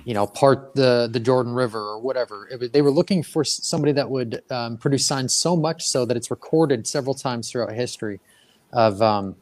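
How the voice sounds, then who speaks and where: A man's voice: mid-range voice, fairly quick. Man co-hosting a casual faith podcast. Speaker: podcast co-host.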